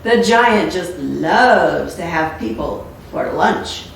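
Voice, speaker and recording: A woman's voice: lowish voice, lively intonation, takes it slowly, gravelly, slight background noise, heavily acted. A woman voicing a huge, friendly male cook who talks cheerily, reading a storybook aloud. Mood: cheery. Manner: cheery, hearty. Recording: echoey room, mic far off.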